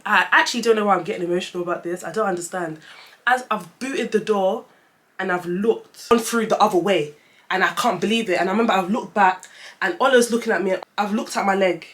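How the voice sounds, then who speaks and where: A young woman tells a story-time vlog, chatty and animated, often calling her viewers "guys". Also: mid-range voice, a little fast. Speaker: vlogger.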